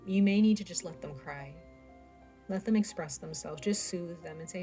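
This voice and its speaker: A woman's voice: fairly low pitch, moderate pace, dark tone, soft background music. A woman giving a casual tarot reading, talking straight to her viewers with lots of fillers. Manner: chatty, speaks straight to viewers with many fillers. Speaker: tarot reader.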